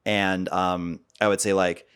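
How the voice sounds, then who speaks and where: A man's voice: deep voice, flat delivery, unhurried, fairly bright tone, clear, resonant tone. An American man ranting bluntly and off the cuff as the host of a dating vlog, opinionated and rambling. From United States. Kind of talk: casual off-the-cuff vlog rant.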